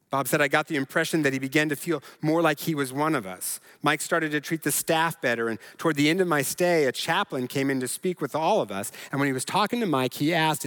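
A man's voice: on the high side, fairly bright tone. A male pastor delivering a sermon in an earnest preaching manner that builds to emphatic repetition.

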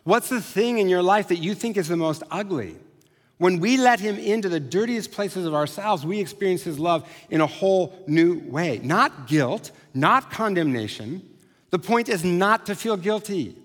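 A man preaching a sermon as a pastor, conversational with animated asides. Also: high voice, moderate pace. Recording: long hall reverb.

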